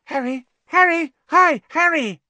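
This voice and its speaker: A man voicing an eager young schoolboy, high and excited. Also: measured pace, no echo, exaggerated voice.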